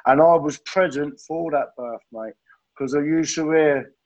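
A man's voice: fairly high pitch, unhurried, darkish tone, highs cut off. A man sharing his recovery story at a meeting, earnest and heartfelt, often calling listeners "mate". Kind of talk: personal testimony at a recovery meeting.

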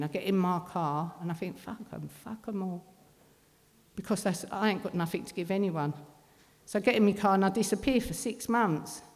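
Her voice sits lowish with a darkish tone as this middle-aged woman recounts her own recovery, blunt and full of swearing. She talks in working-class London speech, and the sound echoes with a hall's long reverb.

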